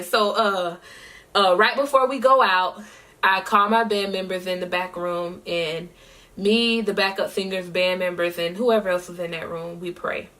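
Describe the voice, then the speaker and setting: A woman telling a long, rambling story in a casual vlog, with lots of fillers and shout-outs. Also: fairly low pitch, fairly even intonation, a little slow. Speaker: singer recapping her year. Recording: voice a bit distant from the mic.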